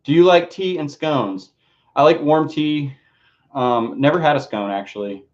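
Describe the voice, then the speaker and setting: A man's voice: on the high side, animated, unhurried, a little mellow. Casting: male streamer, casual rambling chat, freely profane, dull lo-fi audio. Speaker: streamer unboxing his music books.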